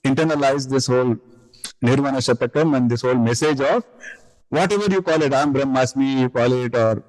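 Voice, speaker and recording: A man's voice: medium pitch, a little mellow, low-quality recording. A man giving a live spiritual talk on scripture, telling a story in a conversational way, often asking his listeners "you know?" and acting out the quoted lines. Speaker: spiritual teacher. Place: live session with a group.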